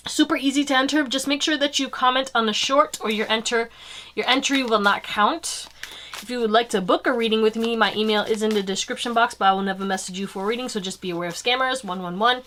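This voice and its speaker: A young woman talks straight to her viewers through a tarot reading in a fairly high voice. She is chatty and upbeat, and swears in a loose, casual way. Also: quick pace, a bit bright, slight background noise. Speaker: tarot reader and channel host.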